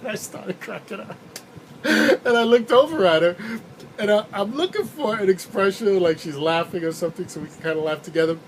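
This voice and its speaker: Rideshare guy rambling through a story in his car, kinda high voice, ac humming behind, noisy. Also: a little fast. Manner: rambling, easygoing, chuckles while telling it. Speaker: rideshare driver and channel host. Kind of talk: casual anecdote storytelling.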